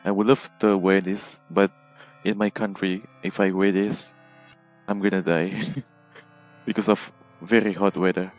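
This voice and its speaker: This gameplay commentator has a low, level voice and speaks a little slowly over soft background music. Alone at home on a headset mic, he plays a game and comments casually, nervous, jumpy, and often startled into exclamations.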